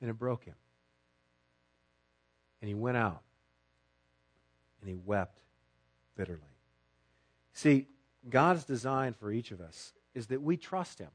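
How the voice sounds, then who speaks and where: A male pastor preaching a sermon in church, acting out the voices of the story with dramatic swings from loud to hushed. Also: mid-range voice, expressive, measured pace, long pauses. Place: church sanctuary.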